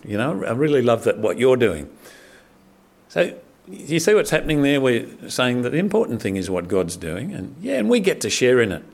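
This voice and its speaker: A middle-aged man delivers a sermon at a moderate, mid-range pitch. He talks conversationally, lifting his voice for emphasis and often stumbling into fillers and restarts as he explains the passage. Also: normal speed, vocal fry. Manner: conversational, animated preaching with frequent fillers and restarts. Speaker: pastor.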